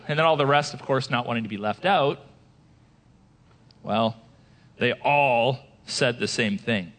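A man preaching a sermon as pastor, animated, asking his listeners questions and acting out quoted voices. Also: medium pitch, a little slow.

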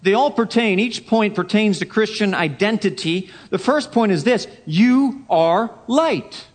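A man preaching a Sunday sermon, emphatic, repeating key phrases and dropping to a hush for effect. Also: high-pitched, moderate pace. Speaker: pastor.

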